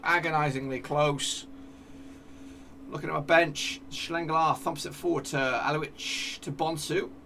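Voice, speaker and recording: A man giving excitable live commentary over a football management game, cheering at goals and talking to his players. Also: a little high, creaky, distant mic, a little hiss or hum. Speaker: gaming YouTuber.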